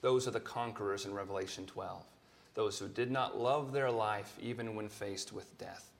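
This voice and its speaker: A man preaching a sermon as pastor, earnest and measured, his voice rising when he quotes scripture. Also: fairly low pitch, creaky.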